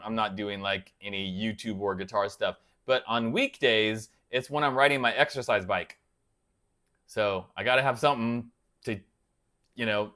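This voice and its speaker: A man's voice: fairly low pitch, clean tone. Laid-back man chatting with live viewers. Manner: relaxed, rambling, chatting with viewers by name. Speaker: guitar channel host reading live chat. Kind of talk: casual livestream chat.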